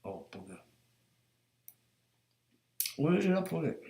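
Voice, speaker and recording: A man's voice: fairly high pitch, very animated, slow pace, creaky, mellow. A man hosting a casual livestream, rambling bluntly with muttered asides and frequent swearing. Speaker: livestream host. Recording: roomy echo.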